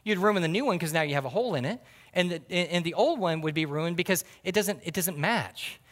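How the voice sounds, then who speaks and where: High-voiced man preaching in a reverberant hall. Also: animated, brisk, fairly bright tone. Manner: folksy storytelling, calls to the congregation. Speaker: pastor. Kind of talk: sermon.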